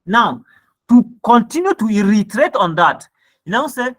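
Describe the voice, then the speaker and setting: A man with a Nigerian accent and a high, slightly bright voice speaks unhurriedly and very animatedly. In a screen-share copywriting lesson, he reads ad copy aloud, then breaks it down, often checking in with "right?" and "okay?".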